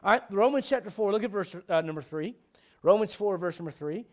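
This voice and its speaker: A middle-aged man pastor preaching a midweek Bible study sermon, animated and conversational, with joking asides to the congregation. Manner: animated preaching, bursts of high-pitched emphasis, quick asides.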